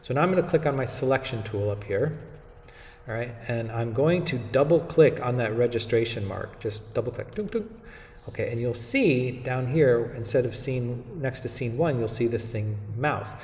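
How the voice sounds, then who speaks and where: A man teaching an animation software lesson, walking through each step in a relaxed way and often checking in with "okay?". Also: mid-range voice, normal speed, reverberant, long reverb tail. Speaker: animation instructor. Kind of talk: screen-recorded software tutorial.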